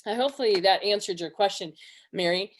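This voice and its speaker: A woman's voice: a little fast, a little hiss or hum. A middle-aged woman presenting a webinar, teaching conversationally with personal stories and acting out quoted dialogue. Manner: earnest, acts out quoted dialogue with lively pitch jumps.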